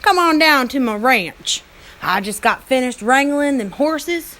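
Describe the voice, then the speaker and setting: A woman's voice: sits high, lively intonation, a little slow, pushed and bright, heavily acted. A woman voicing a friendly male cowboy rancher who drawls and welcomes guests heartily. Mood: hearty welcome.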